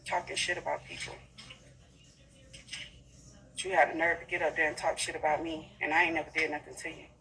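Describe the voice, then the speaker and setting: A woman's voice: deep voice, level tone, brisk, creaky, long pauses, pushed and bright, poor audio. A woman livestream host telling a story in a blunt, profane, heated way. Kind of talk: casual livestream rant.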